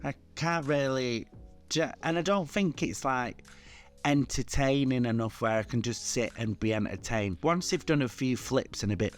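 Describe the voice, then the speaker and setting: A man with a mid-pitched voice co-hosts a casual comedy podcast. He is blunt and frank and swears lightly, and faint music plays behind him. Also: moderate pace. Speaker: podcast co-host.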